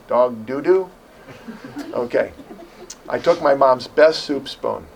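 A man's voice: mid-range voice, slight background noise, poor audio. A man preaching a conversational sermon, telling personal stories with laughter and acting out what people said. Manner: storytelling, animated, acts out quotes with laughter. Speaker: pastor.

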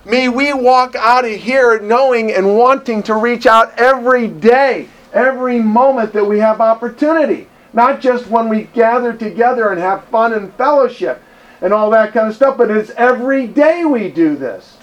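A man preaching a sermon with a fairly high voice. He talks with passion and emphasis, pushing some lines out loudly and letting others drop low and quiet. The sound is of a church service. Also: normal speed. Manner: impassioned, emphatic, swings from loud to quiet.

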